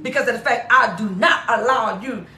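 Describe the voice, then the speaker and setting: A woman's voice: fairly high pitch, normal speed, pushed and bright. A woman pastor preaching an exuberant sermon, laughing often and repeating her phrases over and over. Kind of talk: lively sermon. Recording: echoey room, off mic.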